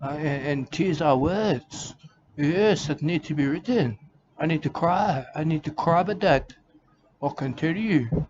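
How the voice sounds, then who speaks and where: With a slightly mellow voice on the high side, lively intonation and a measured pace, a man acts as an eccentric, rambling wildlife warrior of his own making in an absurd comic piece. There's a melancholy to his rambling as he mangles grammar, says "uh" a lot, and keeps repeating "I can tell you" and "mate". It's captured in dull lo-fi with clear background noise.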